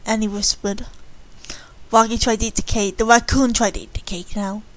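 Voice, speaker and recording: A woman reading a story aloud with slow, expressive storytelling narration. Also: a little high, rough recording.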